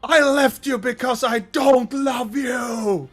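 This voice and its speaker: A man voicing a screaming demonic creature whose face is half changed, yelling furious accusations. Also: extremely high pitch, steady tone, slow, breathy edge, faint music behind, pitched above the performer's own voice, exaggerated voice. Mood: screaming rage.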